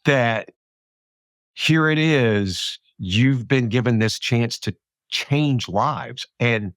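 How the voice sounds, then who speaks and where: A man's voice: medium pitch, very slow, a bit bright, dry recording. A man hosting a podcast, reflecting aloud in a thoughtful, rambling way with many restarts, close to the mic. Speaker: podcast host. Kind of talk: reflective interview chat.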